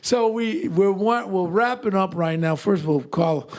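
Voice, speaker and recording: An older man, co-hosting a podcast and telling a story in an animated way. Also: high-pitched, unhurried. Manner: animated storyteller, acts out quoted voices. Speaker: podcast co-host. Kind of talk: casual storytelling chat.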